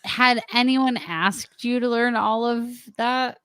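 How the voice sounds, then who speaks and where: A woman's voice: a little high, fairly even intonation, fairly bright tone, smooth, no echo. A woman in a casual podcast chat who laughs easily and drags her stories out. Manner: laughs easily, drawn-out storytelling.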